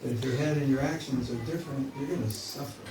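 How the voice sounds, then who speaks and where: In an informal spiritual class, a man talks conversationally and jokes, often acting out inner voices. His mid-range voice moves fast. The mic sits far away in an echoey room, with faint hiss.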